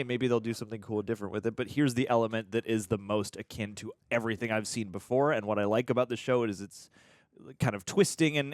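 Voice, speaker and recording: A man's voice: fairly low pitch, dry recording, clean studio sound. A man co-hosting a TV reaction show, chatting casually and rambling with lots of filler words and restarts. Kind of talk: casual review chat.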